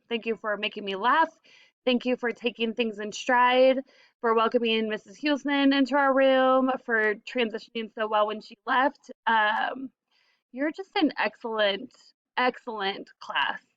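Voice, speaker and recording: A woman who teaches high school English, recording a farewell message to her students and speaking earnestly and directly to the class. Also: fairly bright tone, no echo. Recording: dull lo-fi, dry sound.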